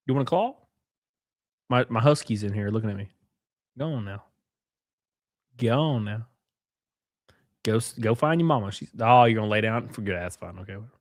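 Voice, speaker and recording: A man's voice: mid-range voice, no echo, studio quality. Crude joking man streaming. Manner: crude, joking, laughs often. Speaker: livestream host. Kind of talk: casual live-stream chat reading viewer comments.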